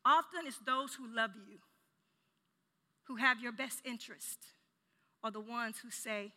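A woman preaching a sermon with impassioned delivery, rising to near shouts and dropping to hushed tones. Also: fairly high pitch, unhurried, long reverb tail. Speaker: children's ministry director giving a sermon.

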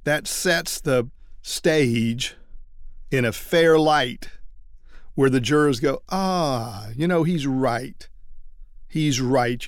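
A trial lawyer teaching other lawyers how to persuade juries, telling a story and acting out everyday quotes. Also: male voice, mid-range voice, clean tone, no room sound, studio quality.

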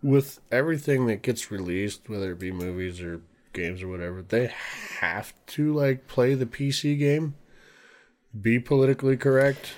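A man's voice: mid-range voice, animated, moderate pace. Easygoing young man, medium voice. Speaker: podcast co-host. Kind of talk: casual chat.

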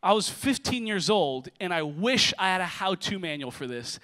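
Bright-voiced young male pastor preaching. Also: high-pitched, moderate pace. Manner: lively, joking storyteller who shifts to preaching. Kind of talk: sermon with storytelling. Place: church stage before a congregation.

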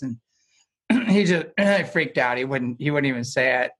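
A man's voice: on the high side, moderate pace, fairly bright tone, husky. A man talking as a guest in a casual conversation, telling stories in a rambling way with frequent restarts and chuckles.

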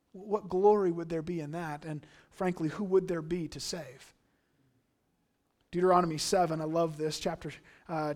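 A man preaching a sermon in an earnest, emphatic way, swinging from hushed asides to loud declarations. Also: fairly high pitch. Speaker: pastor.

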